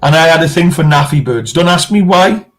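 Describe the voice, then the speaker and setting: High-voiced, boisterous English man. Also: animated, fairly quick, fairly bright tone. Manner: swearing, boisterous storytelling. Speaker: co-host. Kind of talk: casual chat.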